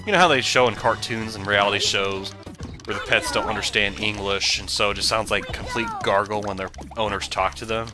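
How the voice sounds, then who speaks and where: A man's voice: on the low side, fairly even intonation, a little fast. A man giving casual, rambling let's play commentary that drifts into tangents. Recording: game music behind the voice.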